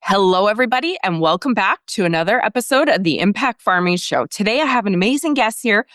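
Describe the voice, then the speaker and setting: A woman hosting an interview show, bubbly and passionate, with a loud, excited way of talking. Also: mid-range voice, fast, no room sound, studio quality. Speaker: podcast host.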